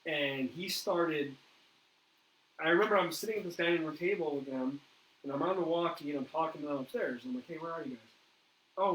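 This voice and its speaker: A man hosting a paranormal interview, telling a ghost story in a lively way and acting out what others said. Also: on the high side. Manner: animated storyteller, acts out quoted dialogue. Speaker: paranormal investigator host. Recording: echoey room with faint noise.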